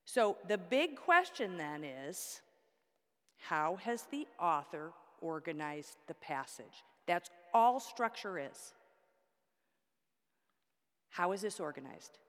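A woman's voice: lowish voice, big pitch swings, takes it slowly, long pauses. A woman teaching a Bible study class, explaining step by step with props and asking the class questions. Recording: long hall reverb.

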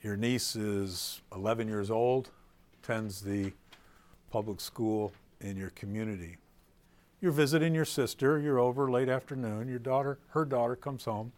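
A middle-aged man teaching preachers in a playful live talk, quizzing the audience and swinging between loud and soft delivery. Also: mid-range voice, moderate pace.

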